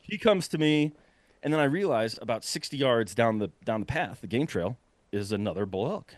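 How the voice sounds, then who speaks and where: A young man casually telling a long story, animated and breathless, full of fillers and quick laughs. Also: mid-range voice, no echo. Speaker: podcast guest telling a hunting story.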